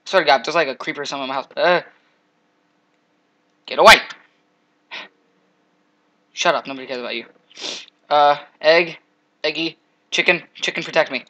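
A young man giving casual, jokey commentary while playing a game, trash-talking monsters with sudden loud outbursts. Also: on the high side, fast talker, highs cut off. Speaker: gameplay commentator.

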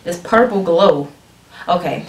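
A woman talking casually and excitedly to her viewers as she reacts to a music video, often restarting her sentences. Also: on the low side, measured pace, background noise. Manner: excitable, talks straight to viewers, frequent restarts. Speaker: reaction vlogger. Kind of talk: casual chatty video commentary. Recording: echoey room.

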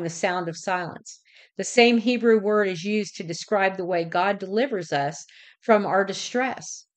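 A middle-aged woman hosting a devotional, reading in a measured, deliberate way and sometimes correcting herself. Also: on the low side. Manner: measured, deliberate delivery with occasional self-corrections. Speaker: devotional host.

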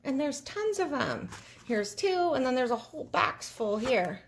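A middle-aged woman vlogging casually, excitable and gushing, often giggling, first from a car at night, then at a table indoors. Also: sits high, unhurried, a little hiss or hum. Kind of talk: casual vlog chat.

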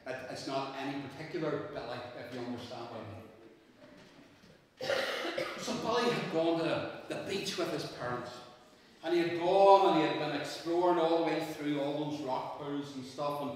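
A man tells a story to a family congregation in a slightly higher voice, tossing questions out to the room. He is recorded from far off, with a long echo in a big church. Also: normal speed. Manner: lively, asks the congregation questions. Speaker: minister telling a children's story.

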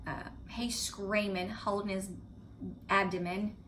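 A middle-aged woman with a Southern US accent telling a story to her viewers in a chatty, animated way. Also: medium pitch, takes it slowly, a little hiss or hum. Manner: chatty, animated retelling of a scary event. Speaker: vlogger. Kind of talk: casual storytelling to camera. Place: home, indoors.

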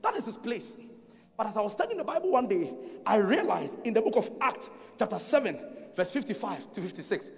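A man's voice: sits high, sing-song, brisk, gravelly. A man with a Ghanaian accent preaching a sermon at a conference, driving points home by repeating them and calling for the congregation to respond. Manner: emphatic repetition and call-and-response with the congregation. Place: large conference hall. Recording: reverberant hall, faint music behind.

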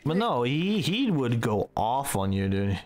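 Foul-mouthed gamer. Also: male voice, medium pitch, very animated, unhurried. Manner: profane, rambling storytelling. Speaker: gaming streamer. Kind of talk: casual gameplay commentary.

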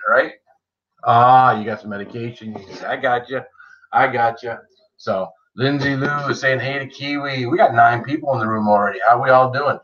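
A man's voice: medium pitch, bright, forceful tone, muffled recording. A man hosting a casual livestream, greeting viewers by name in a chatty, joking way. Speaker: livestream host. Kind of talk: casual live-chat greetings.

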